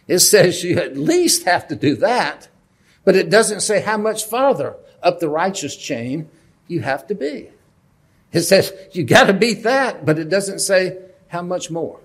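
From a lectern, a Bible teacher delivers a casual, conversational lesson, questioning the audience and making self-deprecating jokes. His voice is a little high and slightly rough.

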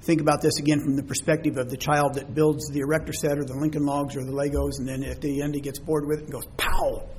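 A man's voice: on the high side, flat delivery, quick pace, few pauses, darkish tone, a little hiss or hum. A man preaching a sermon to a congregation in a church hall, speaking conversationally and asking them questions.

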